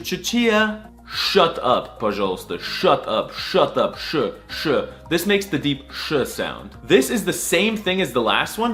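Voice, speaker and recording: A man's voice: a little high, a bit bright. A man giving a comedic alphabet lesson, with exaggerated mock-serious delivery and sudden squealing outbursts. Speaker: comedy language tutor.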